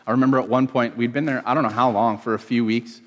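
A man's voice: medium pitch, steady tone, fast talker. Man preaching in an echoing hall. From California. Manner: storytelling, acting out quoted voices. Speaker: pastor. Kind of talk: sermon.

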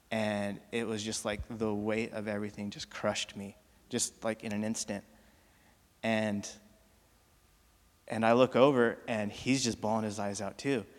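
Earnest man sharing testimony in reverberant hall. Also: medium pitch. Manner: earnest, halting, many fillers. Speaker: church member giving testimony. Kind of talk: personal testimony. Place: church auditorium.

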